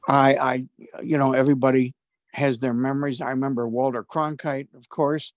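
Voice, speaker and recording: A man's voice: medium pitch, level tone, normal speed, no room sound, studio quality. A man hosting a talk show, sharing his own memories with his guest. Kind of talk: conversational interview.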